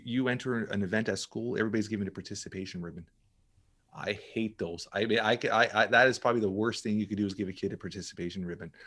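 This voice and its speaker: A middle-aged man talking casually as a podcast guest, emphatic and full of restarts and repeated words. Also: fairly low pitch. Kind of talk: casual interview talk.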